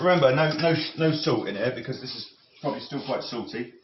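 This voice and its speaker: Rambling man musing in a roomy kitchen. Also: medium pitch. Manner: musing, halting, with frequent restarts. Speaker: cooking vlogger. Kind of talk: rambling talk while cooking. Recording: roomy, slightly dull audio with faint noise.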